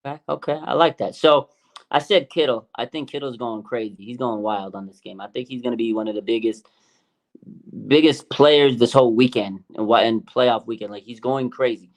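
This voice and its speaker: A man co-hosting a fan show, talking excitedly and repeating names for emphasis, his voice climbing high and loud as he gets worked up. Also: a little fast. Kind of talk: excited casual sports talk.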